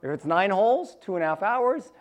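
Casting note: male preacher with a slightly high voice, folksy and chatty, asks the congregation questions. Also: expressive, a little fast. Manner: conversational storytelling, asks the audience questions; repeats phrases, restarts sentences. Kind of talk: sermon.

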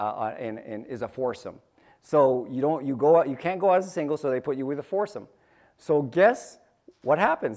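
Casting note: male preacher with a slightly high voice, folksy and chatty, asks the congregation questions. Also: darkish tone. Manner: conversational storytelling, asks the audience questions; repeats phrases, restarts sentences. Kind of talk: sermon.

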